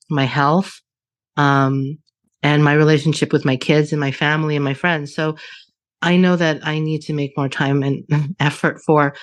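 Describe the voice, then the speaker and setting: A woman in her late thirties in casual conversation, talking candidly, swearing often and laughing as she goes. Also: sits low. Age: 30s. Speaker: podcast co-host.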